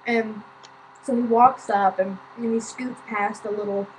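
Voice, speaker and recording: A woman's voice: fairly high pitch, steady tone, measured pace, background noise. A woman vlogger telling a story in a chatty, casual way, with lots of fillers and swearing.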